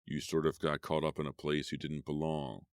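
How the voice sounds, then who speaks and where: A man's voice: flat delivery, normal speed, no echo, studio quality. A man voicing Art, a taunting jovial killer. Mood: menacing. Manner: taunting, matter-of-fact, low and menacing. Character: cruel jovial middle-aged male killer.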